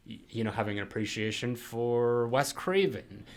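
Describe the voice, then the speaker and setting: A man's voice: medium pitch, moderate pace, creaky. A man co-hosting a podcast in casual chat, rambling with lots of fillers and frequent laughs. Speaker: podcast co-host.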